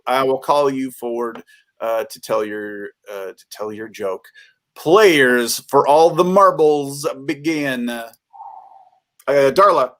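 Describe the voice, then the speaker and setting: A man's voice: fairly high pitch, a bit bright. A man hosting a virtual improv comedy match as its referee, upbeat and full of fillers, speaking over a video call from home. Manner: upbeat, hesitant with many fillers. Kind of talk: live improv game hosting.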